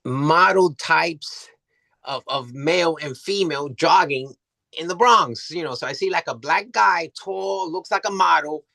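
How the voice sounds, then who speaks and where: A man's voice: fairly high pitch, unhurried, vocal fry, bright, forceful tone, no echo. A man telling a story as an interview guest, rambling, restarting often and swearing freely. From New York City.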